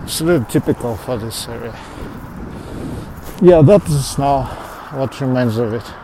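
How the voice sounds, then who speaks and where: A man with a mixed foreign accent chats easily with viewers as he walks along suburban streets, his voice sitting in a middle pitch. He talks through a phone carried in his hand. Clear outdoor noise and passing traffic run behind him. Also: moderate pace, mellow. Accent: mixed foreign accent in English. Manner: chatty, answers viewers as he goes, with small laughs and restarts. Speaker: livestreamer. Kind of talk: casual walking livestream chat. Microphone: phone carried while walking.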